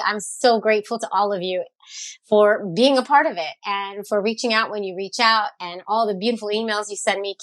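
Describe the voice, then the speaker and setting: Woman podcast host, middle-aged, chatty, animated, jokey, mid-pitched voice. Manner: animated, jokey, says "y'all". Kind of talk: casual chatty monologue.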